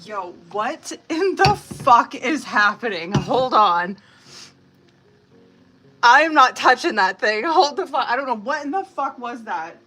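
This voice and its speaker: A woman's voice: a little high, animated, slow, sharp tone, soft background music. A woman in her thirties or forties chatting casually on a live tarot stream, blunt and profane, laughing often as she reads out messages. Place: home kitchen.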